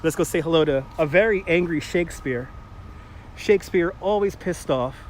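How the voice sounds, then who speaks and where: Man, New York accent, slightly high voice, chatty walking-tour host, outdoor phone mic, faint city noise behind. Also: normal speed. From Brooklyn, New York. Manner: chatty, jokey, laughs often, greets viewers. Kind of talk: casual live-stream tour narration.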